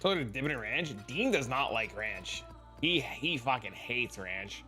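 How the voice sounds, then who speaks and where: A man in his twenties hosting a livestream, chatting with viewers in a loose, heavily profane way, dropping dude and bro as he tells excitable stories. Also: medium pitch, a little slow, faint music behind. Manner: excitable storyteller. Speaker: livestream host. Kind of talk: casual livestream chat with viewers.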